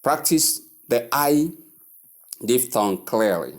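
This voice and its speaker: A man teaching English pronunciation, repeating each word slowly and drilling it several times. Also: mid-range voice, lively intonation. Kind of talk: pronunciation lesson.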